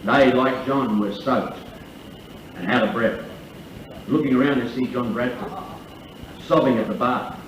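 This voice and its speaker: Here a man acts as MC at a lunch, telling jokes and a lengthy tall tale with plenty of swearing. He speaks a little slowly at medium pitch, pausing often, recorded from afar in an echoey, dull function room with a little hiss or hum.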